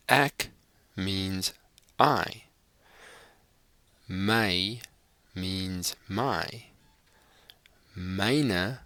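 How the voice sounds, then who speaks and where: A male language teacher explains vocabulary in an unhurried, careful way, repeating each phrase for practice. His voice sits fairly low but has a bright, forward edge. The recording is dry and close. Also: dry recording.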